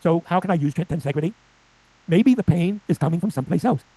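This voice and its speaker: An older man lectures a room of clinicians at a rapid clip, firing questions at his listeners and slipping into his patients' complaints. His voice is mellow and a little husky, and it sounds dry and close. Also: fairly high pitch, no echo, low-quality recording. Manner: lively, asks the audience questions and acts out patients' complaints. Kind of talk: live lecture with slides.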